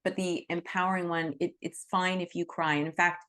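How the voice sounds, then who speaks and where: A woman's voice: fairly low pitch, flat delivery, brisk, fairly bright tone. A woman leading an online Reiki group by video call, talking in an earnest, reassuring way with many "you know"s. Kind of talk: teaching talk to an online group.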